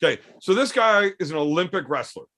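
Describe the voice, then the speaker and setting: A man spins rough, profane stories in a relaxed podcast chat. His voice sits a little high and has a gravelly fry, and he slips into the voices of the people he describes. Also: fairly quick. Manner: animated, acts out quoted voices. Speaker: podcast storyteller. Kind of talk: casual profane storytelling.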